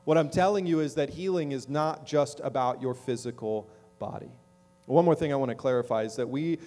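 A man's voice: mid-range voice, a little mellow. Conversational pastor preaching, a man. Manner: conversational, checks in with the audience often. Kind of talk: sermon. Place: church sanctuary.

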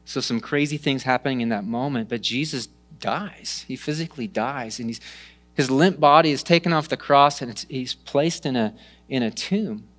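Man, pastor, sermon, expressive storytelling, mid-pitched voice. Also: moderate pace. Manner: animated storytelling, dropping to hushed tones.

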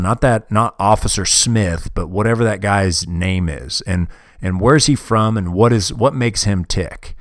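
A man in his forties with a lowish voice hosts a podcast at a measured pace. His casual monologue is blunt, profane and rambling, with frequent restarted sentences. The podcast microphone gives clean studio sound with no room noise.

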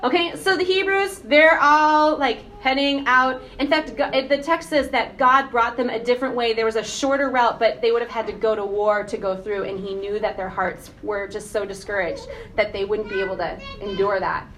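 A woman giving a casual, animated sermon, often asking the congregation questions. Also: a little high, normal speed, hardly any pauses, slight background noise. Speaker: preacher.

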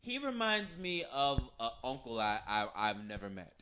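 A man's voice: mid-range voice, wildly swooping pitch, normal speed, pushed and bright, clear, resonant tone. A man co-hosting a casual chat about movies, laughing often and swearing freely. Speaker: podcast co-host.

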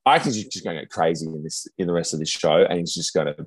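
Deep, husky Australian man, easygoing. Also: fast talker, dry recording. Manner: easygoing, lots of "yeah" fillers. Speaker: podcast co-host. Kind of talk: casual chat.

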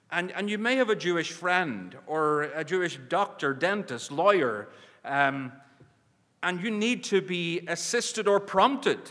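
Man, earnest church mission preacher, emphatic, bright tone, long hall reverb. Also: on the high side. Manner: earnest, emphatic, with frequent restarts. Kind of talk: preaching address.

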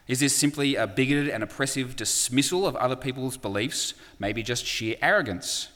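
A man's voice: mid-range voice, moderate pace, fairly bright tone, long reverb tail. A man preaching a sermon in a conversational way, with frequent fillers and acted-out quotes.

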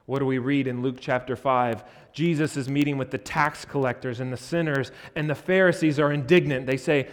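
A man's voice: medium pitch, fairly even intonation, a little fast, few pauses. An American man preaching a sermon as pastor, earnest and emphatic, pressing hard on key words. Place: church sanctuary. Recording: long church reverb.

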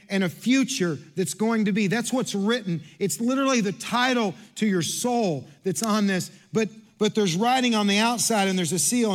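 A man with a high voice delivers a sermon to his church. He repeats phrases and restarts often. His delivery swings from hushed, low stretches to loud, rising passages. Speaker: pastor.

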